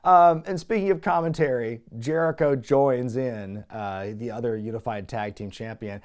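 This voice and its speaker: A man's voice: medium pitch, normal speed. A man hosting a casual wrestling review show, recapping matches with wry, chuckling asides. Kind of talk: casual commentary.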